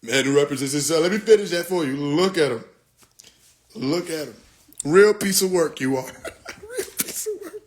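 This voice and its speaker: Joking man muttering and laughing on a phone livestream. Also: high voice. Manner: joking, laughs often, swears freely; switches between loud outbursts and quiet mutters. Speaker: livestream host. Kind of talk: casual livestream chat.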